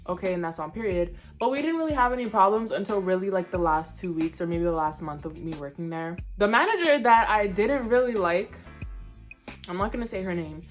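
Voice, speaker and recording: A young woman telling a casual storytime vlog, blunt and slangy with an animated delivery. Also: medium pitch. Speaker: vlogger.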